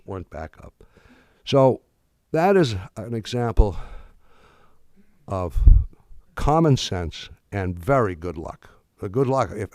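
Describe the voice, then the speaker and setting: A man's voice: lowish voice, darkish tone, no room sound. A man giving a public lecture in a conversational, storytelling way, acting out the dialogue he quotes.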